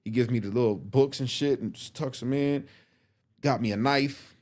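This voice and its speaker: A man casually retelling a personal story to the camera in blunt, animated street slang. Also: on the low side, a little fast.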